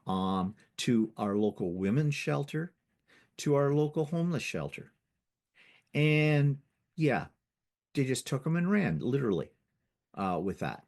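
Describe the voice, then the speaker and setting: Guy with a lowish voice rambling thru a slideshow talk to a quilting guild, keeps restarting sentences. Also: a little mellow. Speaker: quilter giving a guild presentation. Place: living in Ontario, Canada.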